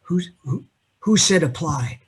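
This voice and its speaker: Husky-voiced male accounting lecturer. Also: fairly high pitch, a little slow. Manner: animated, teasing, quizzes students by name. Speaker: accounting instructor. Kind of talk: classroom lecture with questions to students. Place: classroom.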